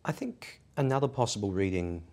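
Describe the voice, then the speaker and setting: A man explaining ideas in a measured academic discussion, posing rhetorical questions as he goes. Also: on the low side, animated, darkish tone. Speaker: podcast discussant.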